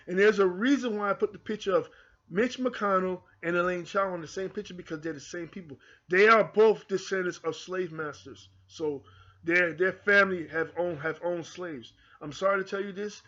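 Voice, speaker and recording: A man's voice: high voice, moderate pace, bright, forceful tone. A man with an American accent hosting his own channel, delivering a fervent, repetitive monologue straight to his viewers. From United Kingdom. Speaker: channel host. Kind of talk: impassioned monologue to camera. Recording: dull lo-fi recording.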